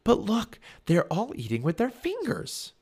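A man's voice: unhurried, husky, full character voice. A man putting on a bold, eager little girl. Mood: eager excited. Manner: high excited bursts.

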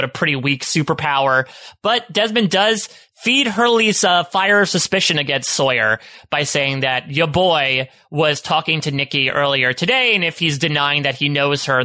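A man co-hosting a podcast, recapping scenes in a wry, easy, conversational way. His voice is bright and forceful and sits slightly high. The recording is dry. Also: no echo. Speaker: podcast co-host. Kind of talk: casual chat, recapping episodes.

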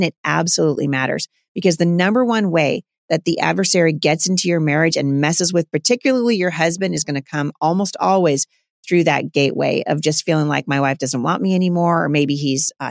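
Middle-aged woman, gravelly, earnest conversational advice, dry close sound. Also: deep voice, dry recording. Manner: earnest, conversational, many fillers and asides. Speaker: homeschooling mother and speaker answering a listener. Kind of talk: casual advice talk.

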